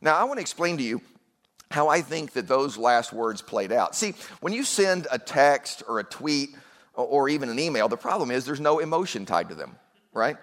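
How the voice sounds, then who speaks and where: A man's voice: medium pitch, sing-song, normal speed, fairly bright tone. A man preaching a sermon in a conversational way, with asides and questions to the congregation. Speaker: pastor.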